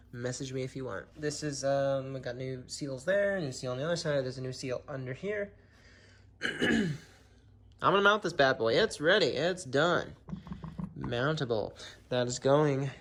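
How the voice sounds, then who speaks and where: A man talks loosely through a car-build update from his garage, his voice sitting at an ordinary middle pitch. He rambles, trails off with fillers and keeps clearing his throat. A faint hiss of noise runs underneath. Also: a bit bright. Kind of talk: casual build-update vlog.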